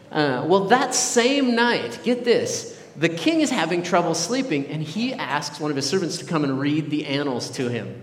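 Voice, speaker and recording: A man retelling a Bible story as a casual sermon, chatty and jokey, full of "like" and "uh". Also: fairly high pitch. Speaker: preacher. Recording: echoey hall with long reverb.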